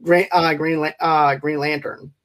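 Man, a touch high-pitched, relaxed casual plot explainer. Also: measured pace. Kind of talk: casual movie chat.

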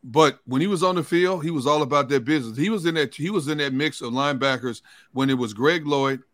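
A male sports reporter co-hosting a talk show, with a sharp, forceful voice. The sound is close and dry, and his manner is emphatic and conversational. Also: a little high, fast, no echo.

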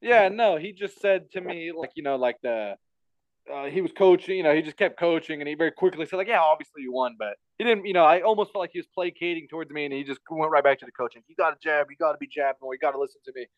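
A man's voice: fairly high pitch, lively intonation, quick pace, dry recording, muffled recording. A man telling a personal story in casual chat, rambling and repeating himself with lots of fillers. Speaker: podcast guest telling a story.

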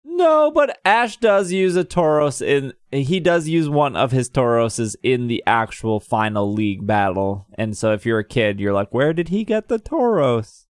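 A man's voice: mid-range voice, lively intonation, unhurried, few pauses, clean tone, no room sound, studio quality. A man co-hosting a casual podcast, reading out news and figures in a loose, slightly scattered way. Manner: reads figures out, a bit scattered. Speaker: podcast co-host. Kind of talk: casual chat.

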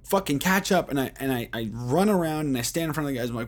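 A podcast host, a man with a medium-pitched voice, talks quickly while telling a rambling story in casual conversation. He swears heavily and fills his speech with "like" and "um."

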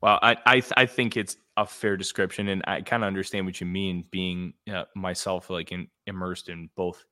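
A man's voice: sits low, level tone, moderate pace, few pauses, bright, forceful tone. A man hosting a podcast interview, talking casually with frequent fillers and restarts. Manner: conversational, hesitant with fillers. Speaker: podcast host.

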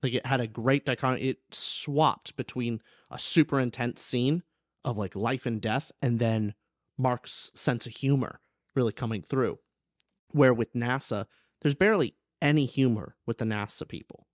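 A young podcast host talks about a book in a medium-pitched voice at normal speed, recorded cleanly in a studio with no room sound. He's animated and acts out the voices of the characters he quotes.

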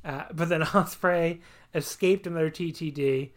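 A man co-hosting a casual wrestling podcast, rambling and animated, laughing often and swearing casually. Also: fairly high pitch, moderate pace. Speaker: podcast co-host. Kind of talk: casual wrestling review chat.

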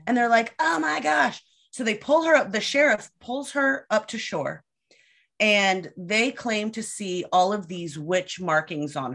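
A woman guest on a podcast, casually telling a story with lively delivery and acted-out quotes. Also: mid-range voice. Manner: lively storyteller who acts out quoted voices.

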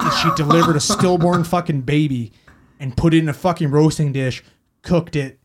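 A man's voice: a little high, steady tone, normal speed. A man, a paramedic telling a story in casual talk, rambling and swearing a lot. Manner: heavy swearing, rambling with fillers.

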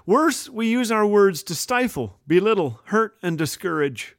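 A man's voice: high voice, lively intonation, unhurried, dry recording, clean studio sound. A middle-aged man hosting a humorous radio devotional, playful and self-mocking, chuckling at his own slips of the tongue. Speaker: radio host.

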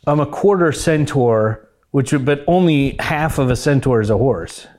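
A man hosting a comedy show, talking in a dry, earnest, halting way. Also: mid-range voice, lively intonation, darkish tone. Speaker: host. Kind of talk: deadpan comedy chat.

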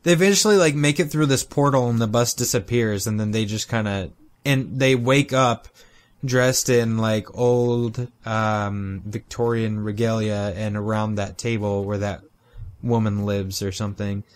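A man's voice: on the low side, measured pace. Joking man co-hosting a podcast. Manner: joking, animated retelling of cartoon scenes. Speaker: podcast co-host. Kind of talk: casual chat.

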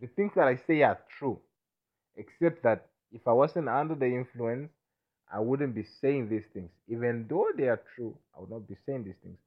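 A man's voice: medium pitch, moderate pace. A man rambling through a self-recorded monologue while intoxicated, stammering, restarting and asking whether you understand him. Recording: tinny phone-like sound.

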